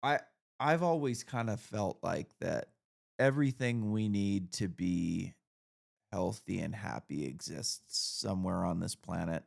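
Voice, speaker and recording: A man hosting a podcast, answering slowly and hesitantly in a reflective, casual way. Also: low-pitched, vocal fry. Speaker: podcast host. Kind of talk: casual interview chat.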